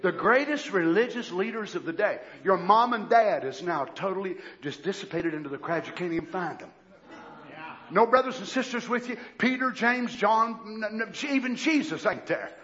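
A man preaching a fiery sermon, shouting and swinging into mocking impressions. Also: high-pitched, expressive, moderate pace. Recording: lo-fi muffled sound.

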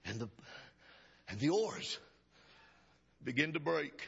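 A male preacher delivering a revival sermon, chanting upward and dropping to a hush. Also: fairly high pitch, animated, takes it slowly, creaky. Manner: chanting rises and sudden drops to a hush. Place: church sanctuary. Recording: dull lo-fi church recording.

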